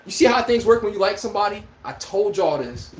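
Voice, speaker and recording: A man's voice: high-pitched, lively intonation, fast talker, very noisy. A man hosting a podcast, delivering a heated, profane sports rant with an incredulous tone. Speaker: podcast host. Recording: echoey room.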